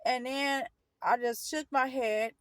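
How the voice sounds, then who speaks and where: Woman doing a storytime vid, kinda high voice, rambly, keeps correcting herself, dry sound. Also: steady tone, slow pace, no echo. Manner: rambling, self-correcting, earnest retelling. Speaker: storyteller vlogger. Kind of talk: casual storytime recounting.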